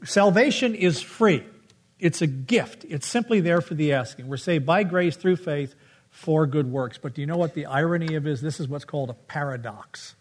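A man's voice: fairly high pitch, normal speed. Playful storytelling male preacher. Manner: storytelling, playful, hums melodies. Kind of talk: sermon.

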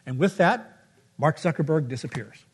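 A man's voice: a little high, animated, moderate pace, slightly rough. A middle-aged man preaching a sermon with a playful storytelling manner, humming tunes along the way. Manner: storytelling, playful, hums melodies.

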